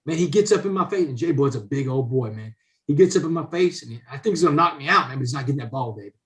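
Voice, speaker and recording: A man's voice: mid-range voice, animated, rapid-fire, fairly bright tone. A man, a podcast guest telling a story casually and animatedly, saying "man" in nearly every sentence. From Southeast Texas, USA. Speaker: podcast guest, author and speaker.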